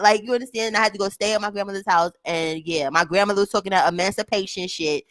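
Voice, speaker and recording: A woman's voice: medium pitch, fast, hardly any pauses, no room sound. A young woman in casual chat, telling a story with lots of swearing and acting out the voices of her family. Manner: animated, swearing, acts out family members' voices.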